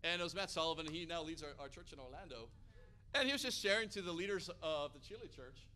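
Bright-voiced, energetic American preacher man. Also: a little high, quick pace. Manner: energetic, rising to loud emphatic peaks. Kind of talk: sermon.

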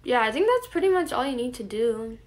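A 21-year-old woman hosting a casual live stream, reading viewer comments aloud and answering them in a relaxed way. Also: on the high side, fairly quick. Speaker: livestream host. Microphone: phone camera.

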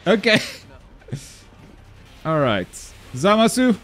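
A high-voiced man commentates live gameplay, and his pitch swings widely all the time. He drops into mumbled asides and then bursts into loud, excitable yelps. Faint game music plays behind him. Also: takes it slowly, pauses often. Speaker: gaming YouTuber.

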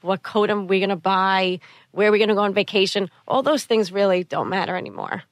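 A middle-aged woman talks as a podcast guest, soft-spoken and earnest. She repeats her key phrases for weight, at a middling pitch. The recording is dry and close. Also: brisk, no echo. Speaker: guest, mother of a sick child. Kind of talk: interview conversation.

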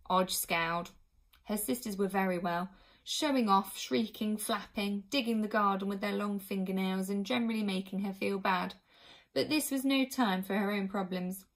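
A woman reading a children's storybook aloud as narrator, clear and expressive. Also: mid-range voice, moderate pace. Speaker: audiobook reader.

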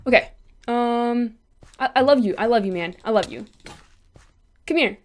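A woman with a high voice narrates her gameplay live. She is excitable, chattering to herself and taunting the other players as she goes. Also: moderate pace. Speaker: gaming channel host.

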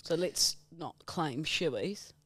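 A woman co-hosting a podcast, telling family stories in a lively, laughing way with lots of "like" and "you know". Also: deep voice, slow pace, husky, no room sound, clean studio sound. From New Zealand. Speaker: podcast co-host. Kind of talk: casual chat.

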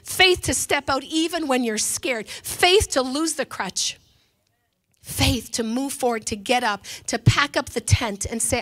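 Woman pastor, sermon from the pulpit, higher voice, passionate delivery. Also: measured pace. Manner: impassioned, swings between quiet and loud. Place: church pulpit.

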